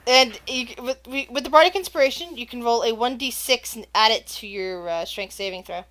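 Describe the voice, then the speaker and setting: Woman, high voice, sharp bright tone, excitable game master, laughing, tripping over words. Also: fairly quick. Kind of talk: narrating a tabletop game.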